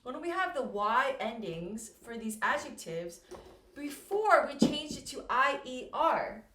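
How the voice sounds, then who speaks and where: A woman's voice: sits high, very animated, unhurried, pushed and bright, slight background noise. A woman teaching English, explaining grammar patiently and repeating key words while checking that her students follow. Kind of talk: slow, clear classroom explanation. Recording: echoey room.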